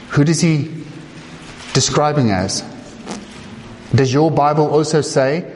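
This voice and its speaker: Slow, animated male preacher in a reverberant hall. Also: fairly high pitch, slight background noise. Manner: dramatic retelling with voiced quotes, rhetorical questions. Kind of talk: sermon.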